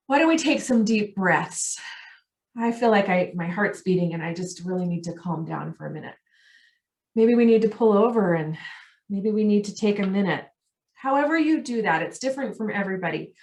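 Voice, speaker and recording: Woman trainer explaining, echoey room. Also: medium pitch. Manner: explains warmly, acts out quoted voices of kids and parents. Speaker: parenting trainer. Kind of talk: online training talk. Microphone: video call.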